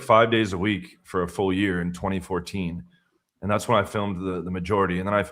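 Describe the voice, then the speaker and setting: A man's voice: fairly low pitch, fairly bright tone. A man guesting on a live dating-advice stream, talking loosely and conversationally and often trailing off mid-sentence. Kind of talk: casual live-stream chat.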